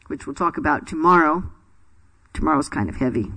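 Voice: mid-range voice, sing-song, a little fast, bright, forceful tone, slightly rough. A spiritual teacher in a scripture class, telling stories in a chatty way, laughing often and quizzing the audience.

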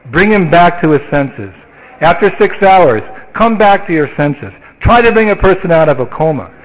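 A man's voice: a little high, breathy edge. A man giving a sermon in a conversational storytelling way, with the odd chuckle. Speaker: spiritual teacher. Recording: tinny phone-like line.

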